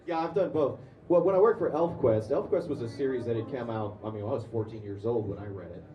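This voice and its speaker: A man's voice: medium pitch, fast, muffled recording. A man on a convention panel casually telling stories to an audience, with frequent fillers and restarts. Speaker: convention panelist, comics artist and voice actor. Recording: echoey room, far-off mic.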